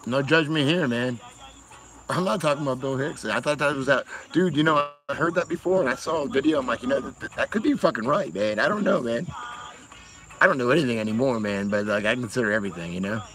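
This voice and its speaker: A man's voice: mid-range voice, fast talker, a bit bright, poor audio. A man from Massachusetts chatting casually on a livestream, rambling and swearing, often laughing. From Massachusetts, USA. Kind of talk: casual chat.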